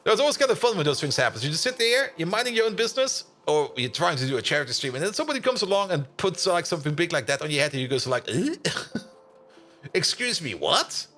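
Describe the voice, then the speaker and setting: A male game streamer with a high, lively voice, chatting loosely as he plays. He laughs often and greets viewers as they arrive, in a bright, animated way. Faint music runs underneath. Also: fast talker. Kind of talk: casual live-stream chat.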